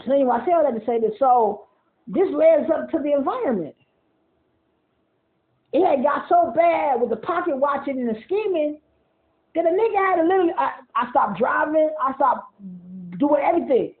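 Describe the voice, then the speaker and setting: A man's voice: very high voice, expressive, normal speed, long pauses. A man ranting in a casual monologue, profane and rambling, often repeating himself and laughing between points. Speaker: vlogger. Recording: tinny phone-like audio.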